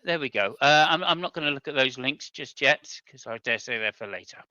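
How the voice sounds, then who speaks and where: A man's voice: mid-range voice, expressive, fairly quick, pushed and bright, dry recording. A man hosting a casual podcast chat. He is polite and hesitant, with many thank-yous and restarts. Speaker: show host. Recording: dry, dull lo-fi mic.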